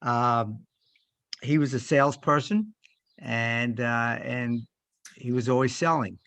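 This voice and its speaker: An older man reflecting in a church group discussion, speaking in a halting, heartfelt way with many pauses. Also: medium pitch, a bit bright, no echo. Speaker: discussion participant.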